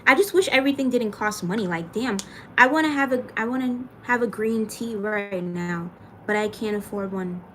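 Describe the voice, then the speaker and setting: Reading comments during a relaxed livestream, a young woman in her adult years calls out viewers by name to thank them and drops the occasional curse word. She has a medium-pitched voice at a normal speed, and background noise can be heard.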